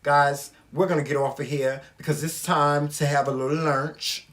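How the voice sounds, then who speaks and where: A man with a Southern US accent hosting a casual couple vlog, talking to viewers in an animated, emphatic way and swearing freely. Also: on the high side, moderate pace. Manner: animated, emphatic and profane, addressing viewers directly. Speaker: vlog host.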